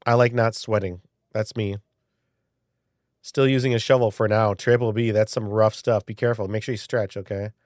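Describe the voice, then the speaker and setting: A man's voice: on the low side, steady tone, normal speed, a little mellow, no room sound, studio quality. Rambling man in his early forties. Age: early 40s. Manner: rambling, chatty, swears, reads chat aloud. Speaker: live-stream host. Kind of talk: casual live-stream chat.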